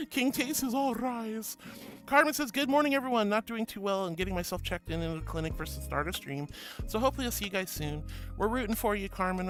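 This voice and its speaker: A woman streamer in casual live chat, sweetly gushing as she reads out chat messages and greets viewers. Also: medium pitch. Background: music.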